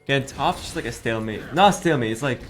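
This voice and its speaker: Dude doing color commentary on an esports game, talks super fast and chatty, some music in the background. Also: male voice, medium pitch, lively intonation. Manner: fast, casual, chatty analysis.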